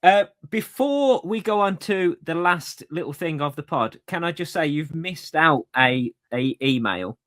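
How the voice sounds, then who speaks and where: A man's voice: a little high, animated, measured pace, few pauses, a bit bright. A man co-hosting a podcast in casual chat, with short, upbeat reactions. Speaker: podcast co-host.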